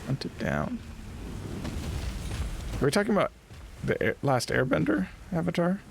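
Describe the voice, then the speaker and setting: A playful male streamer gives relaxed, unhurried commentary over his game, his fairly high voice swinging wildly up and down. There's a gravelly edge to his tone, and a clear layer of background noise sits under the stream recording. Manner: playful, laughing, teasing the game. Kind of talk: casual live gameplay commentary.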